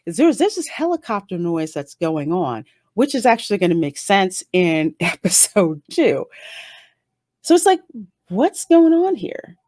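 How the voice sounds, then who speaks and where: A woman giving a casual, stream-of-consciousness review of a TV episode, chatty and animated, with sudden jumps up in pitch. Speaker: YouTube reviewer.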